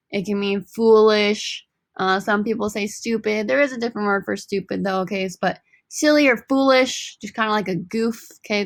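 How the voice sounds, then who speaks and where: A woman teaches a recorded Spanish lesson in an upbeat, joking way, saying each word slowly and more than once. Her voice has a gravelly, fried edge. The sound is dry and close, with no room around it. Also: medium pitch, a bit bright, no room sound.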